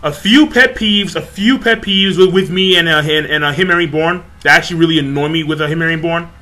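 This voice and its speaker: A man ranting casually to camera in an animated, profane way, often repeating himself. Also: a little high, brisk. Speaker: vlogger.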